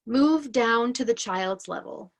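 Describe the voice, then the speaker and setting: A woman educator giving an explanatory lesson in a slow, deliberate, clearly paced way. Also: on the high side, animated.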